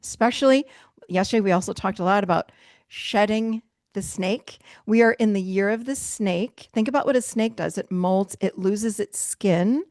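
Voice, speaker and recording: A middle-aged woman coaching a virtual mastermind group, emphatic and animated, laughing often as she teaches over a video call. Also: mid-range voice, normal speed, no room sound, clean studio sound. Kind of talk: live motivational teaching.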